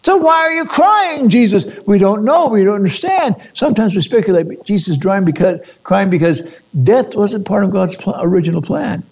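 A man's voice: sits high, lively intonation, brisk, vocal fry, mellow, husky. A man preaching a sermon, posing rhetorical questions and often restarting his phrases. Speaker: pastor.

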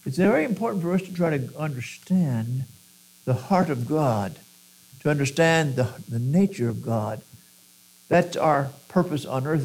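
A man preaching with a lively voice that swoops up and down, pitched a little high. He acts out quotes and often repeats words as he builds a point. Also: low-quality recording. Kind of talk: sermon.

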